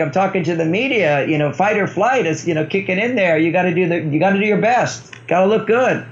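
High gravelly man, playful explainer. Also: muffled recording. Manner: playful, explanatory, frequent chuckles. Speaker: author guest. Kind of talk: conversational interview.

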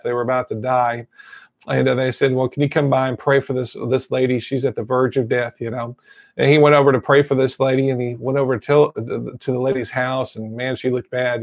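Gravelly-voiced man preaching a sermon. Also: medium pitch, no room sound. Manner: repeats amen often, storytelling. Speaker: pastor.

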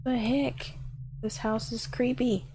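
Woman streamer, nervous horror-game commentary, very slow delivery. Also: on the high side, little pitch movement, noisy background. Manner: nervous, gasping and laughing in fright. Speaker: gameplay streamer.

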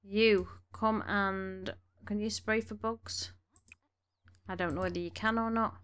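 A woman's voice: medium pitch, steady tone, unhurried, a bit bright, clean tone. A woman giving casual gameplay commentary, chatting along and bossing her game characters around, a little snuffly from allergies. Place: home room.

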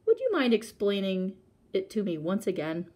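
A woman voicing a sly, fussy male jackal who pretends to be confused, with squealing, drawn-out exclamations. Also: mid-range voice, big pitch swings, dark tone. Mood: puzzled.

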